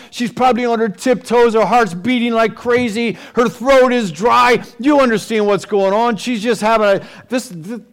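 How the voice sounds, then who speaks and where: A man preaching a sermon, retelling a scripture story with dramatic, animated storytelling. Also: very high voice, moderate pace, hardly any pauses. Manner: dramatic, storytelling, with rising and falling intensity. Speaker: pastor.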